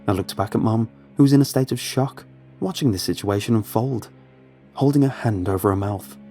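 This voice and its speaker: A man narrating a horror story in a measured, dramatic way. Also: medium pitch, dark tone.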